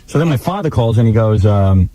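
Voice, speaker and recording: A man, a regular on a radio talk show, telling a long story in a rambling, lively way. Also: fairly low pitch, a little fast, dry recording.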